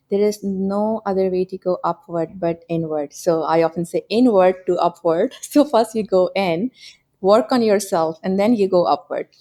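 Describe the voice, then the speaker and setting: A woman's voice: lowish voice, dark tone. A middle-aged woman from Pakistan with a Pakistani accent, a guest in an interview telling her story earnestly and laughing often. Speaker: guest, security executive. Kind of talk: reflective interview talk.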